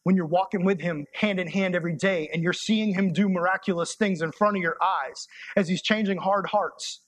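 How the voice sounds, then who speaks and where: A young youth pastor delivers a sermon in a conversational, impassioned way, at times sinking into soft, intimate tones. His voice sits high and moves at normal speed, and the recording is dry.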